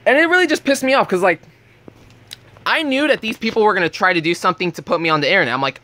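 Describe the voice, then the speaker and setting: A man's voice: high-pitched, expressive, racing, bright, forceful tone. A young man telling a heated story in a casual vlog rant, blunt and swearing freely. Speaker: vlogger.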